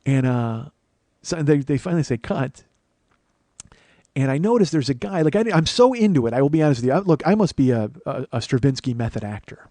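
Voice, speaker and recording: A man's voice: medium pitch, lively intonation, a little fast, warm tone, dry recording. A man hosting his own podcast, telling a long comic story in a rambling, profane, self-mocking way. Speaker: comedian podcast host. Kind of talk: solo storytelling monologue.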